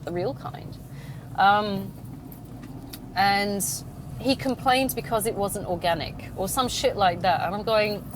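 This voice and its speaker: A woman's voice: mid-range voice, noisy background. A young woman, a podcast host ranting bluntly and swearing freely as she talks in a car, acting out the arguments she quotes. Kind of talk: casual monologue while driving.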